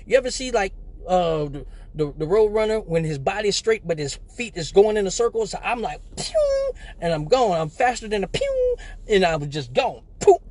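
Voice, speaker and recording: A man telling a profane comic story on a live stream, acting out voices and sounds. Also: high-pitched. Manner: animated, profane, acts out voices. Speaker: live show host. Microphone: phone or webcam on a live stream.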